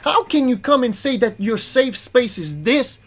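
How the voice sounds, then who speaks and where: Exasperated woman ranting, lively pitch. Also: unhurried. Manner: ranting, profane, exasperated, stumbling restarts. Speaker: commentary channel host. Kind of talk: angry reaction commentary, reading a document aloud.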